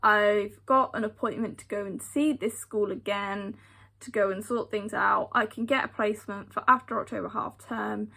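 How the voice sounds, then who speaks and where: A woman's voice: mid-range voice, fairly even intonation, moderate pace, vocal fry, bright, forceful tone. A young British woman telling a personal story vlog-style, emphatic and given to repeating phrases for effect. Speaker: vlogger. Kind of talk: storytime retelling.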